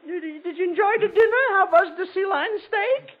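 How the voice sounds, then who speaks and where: A man voicing a tearful, exasperated middle-aged wife in a radio joke, with a high, shrill voice. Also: moderate pace. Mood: fretful. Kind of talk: 1940s radio joke-telling. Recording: tinny old radio broadcast.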